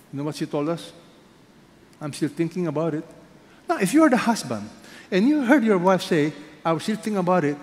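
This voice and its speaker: A man with a Filipino accent preaching a sermon as pastor, firing rhetorical questions and swinging between loud emphasis and hushed asides. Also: a little high. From Philippines. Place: large church hall. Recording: echoey hall, faint background noise.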